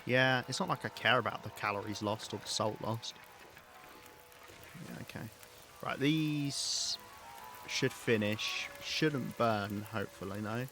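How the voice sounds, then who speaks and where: Male game streamer, lowish bright voice, rambles and thinks aloud on a live stream. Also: a little slow, soft background music. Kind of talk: live gameplay commentary.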